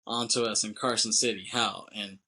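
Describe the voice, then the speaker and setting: A male podcast host recaps a film with loose, animated energy, jumping into quick impressions of the characters and laughing along the way. His voice is bright and forward. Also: lowish voice, breathy edge. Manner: animated retelling, acts out character lines, laughs often, swears. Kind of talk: casual movie recap.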